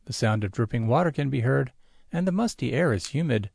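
A man's voice: lively intonation, brisk, vocal fry, a little mellow, slightly rough, no room sound. A man reading a science fiction story aloud, narrating and doing the characters himself. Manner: reads all character voices himself with small pitch shifts. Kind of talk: audiobook narration of a sci-fi story.

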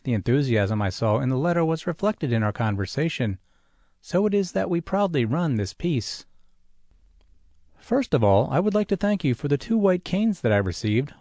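A man's voice: mid-range voice, a little mellow, no echo, clean studio sound. A man reading a story and articles aloud as a narrator, voicing the characters' lines in lightly raised tones. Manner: reads web addresses slowly letter by letter. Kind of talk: scripted narration.

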